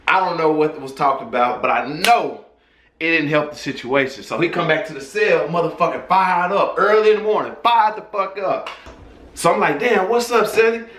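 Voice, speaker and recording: A man's voice: fairly high pitch, moderate pace, a bit bright, slight background noise. Profane, laid-back male storyteller in an echoey room. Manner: loose, profane, conversational. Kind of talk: casual storytelling.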